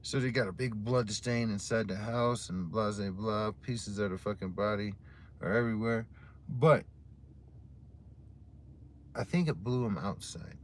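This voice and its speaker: A man's voice: fairly low pitch, measured pace, long pauses, a little hiss or hum. A man casually telling stories to his livestream audience in a rambling, heavily profane way while drinking a beer. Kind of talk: casual storytelling chat to a live audience.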